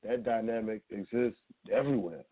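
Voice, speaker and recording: A man co-hosting a talk radio show, speaking in a measured, reflective way. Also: fairly low pitch, slightly rough. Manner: measured, reflective, many fillers. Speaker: radio co-host. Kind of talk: casual talk radio chat. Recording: tinny phone-line audio.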